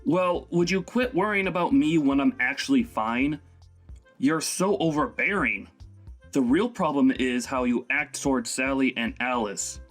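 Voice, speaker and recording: A man's voice: mid-range voice, unhurried, a bit bright, soft background music, lightly acted. A man voicing a young husband who angrily scolds his own mother in a dramatized text-message story. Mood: exasperated. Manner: scolding, exasperated.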